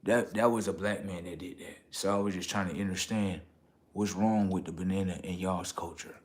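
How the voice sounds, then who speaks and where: A man on a casual livestream, rambling in slangy street talk and checking in with his viewers, getting loud and high when worked up. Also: steady tone, normal speed. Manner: rambling, repeats "okay" and "right" to the audience. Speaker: livestream host.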